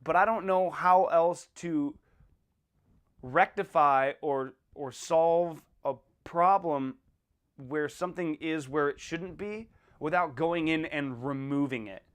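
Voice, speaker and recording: Man, podcast host, higher-pitched, casual monologue, irreverent, animated. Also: takes it slowly, clean tone. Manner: animated, acts out little dialogues in a raised voice; blunt and irreverent.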